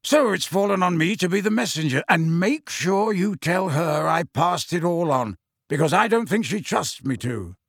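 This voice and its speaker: A man's voice: high-pitched, lively intonation, normal speed, slightly rough, no echo, clean studio sound, voice pushed up, full character voice. A man reading an audiobook, voicing a bold, wry adult male wizard who talks in a teasing, confident way.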